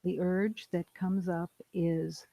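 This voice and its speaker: A spiritual teacher speaks slowly and evenly, with a gravelly, mellow voice. The talk is calm and meditative, built on repeated declarations. The sound is dry and close. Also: medium pitch, no echo, low-quality recording. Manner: calm, repetitive, declarative phrasing.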